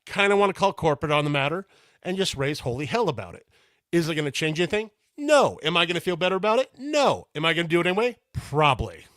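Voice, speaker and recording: A middle-aged man co-hosting a podcast, telling an animated story and ranting with exasperation. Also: on the high side, very fast, dry recording, clean studio sound. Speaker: podcast co-host. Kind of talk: casual podcast chat.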